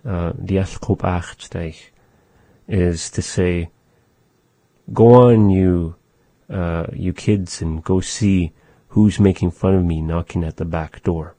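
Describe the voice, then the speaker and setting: Slow, deep-voiced man teaching a language. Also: steady tone, no echo. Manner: slow, thoughtful explaining, softly repeating phrases. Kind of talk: casual language lesson.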